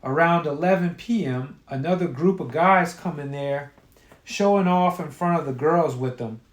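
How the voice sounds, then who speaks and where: A man telling a crude story with a profane, offhand delivery and a somewhat high voice. The sound rings with the echo of a hard room. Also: moderate pace.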